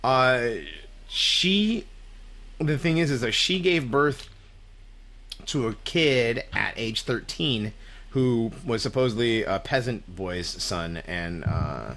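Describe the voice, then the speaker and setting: A man's voice: medium pitch, expressive, slow, a bit bright. A man co-hosting a casual podcast, reading out grim details in a loose, offhand way with lots of fillers. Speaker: podcast co-host.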